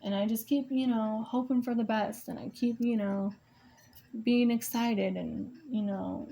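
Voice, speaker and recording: A woman's voice: on the high side, fairly even intonation, unhurried, creaky, warm tone. A young mother venting about co-parenting in a casual vlog, emotional and rambling, swearing often and restarting her sentences, while she paints.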